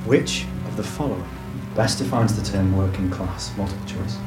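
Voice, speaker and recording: A man hosting a jokey quiz at a live show, with a deadpan, mock-apologetic delivery. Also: fairly low pitch, moderate pace. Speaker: comedy show host. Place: live venue. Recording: echoey room with loud music.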